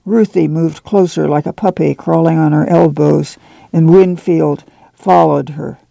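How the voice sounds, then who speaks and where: Male audiobook reader, gravelly and mellow, steady plain delivery, bone-dry sound. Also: on the high side, a little slow, no room sound. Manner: steady, plain storytelling with folksy dialogue. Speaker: volunteer reader. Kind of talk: reading a novel aloud on radio.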